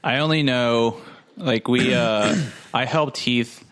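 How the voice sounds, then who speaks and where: A man's voice: mid-range voice, takes it slowly, a bit bright, clean tone, no echo, studio quality. A man co-hosting a podcast, chatting casually and joking, laughing often. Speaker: podcast co-host. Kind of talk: casual chat.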